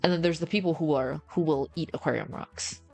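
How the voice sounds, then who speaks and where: A woman's voice: low-pitched, a little fast, vocal fry, a little mellow, faint music behind. A woman streamer in casual, slangy livestream chat, rambling and answering her chat. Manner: rambling, slangy, says bro a lot.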